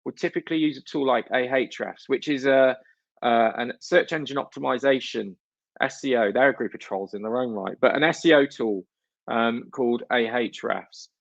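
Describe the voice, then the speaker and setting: A man's voice: mid-range voice, moderate pace, gravelly, no room sound, lo-fi sound. A man from northern England giving a blunt, jokey, sweary conference talk on stage. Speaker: conference speaker.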